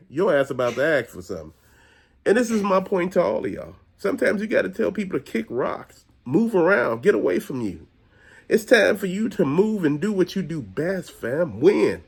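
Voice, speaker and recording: A man's voice: high-pitched, big pitch swings, normal speed, gravelly, slightly rough. A man hosting his own channel, delivering a blunt, profane, preachy rant straight to viewers. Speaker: host. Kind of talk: ranting monologue.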